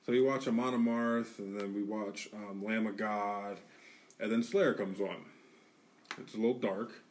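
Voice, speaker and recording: Male podcast co-host, animated profane storyteller, set back from the mic in a studio. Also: fairly low pitch, unhurried, far from the mic. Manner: animated, profane, acts out quotes. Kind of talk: casual storytelling.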